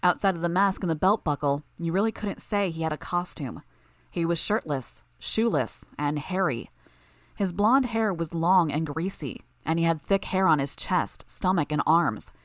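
Low-voiced woman narrator, dry close recording, measured audiobook read. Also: no echo.

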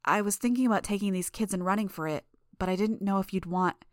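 A woman voicing a frightened teenage girl who speaks quietly and anxiously in an audiobook reading. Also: medium pitch, no echo, clean studio sound, natural voice. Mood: worried. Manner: soft, hurried and anxious.

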